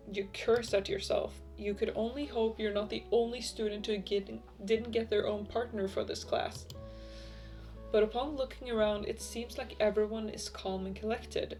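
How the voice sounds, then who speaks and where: A woman's voice: medium pitch, a little mellow. A young woman playing a visual novel, reading the story text aloud and adding playful, joking asides. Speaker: gameplay streamer.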